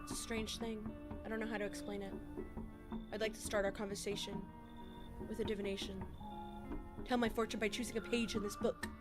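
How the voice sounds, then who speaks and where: A woman voicing a calm, cryptic stranger, speaking in a quiet, measured way. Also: medium pitch, loud music behind the voice, lightly acted.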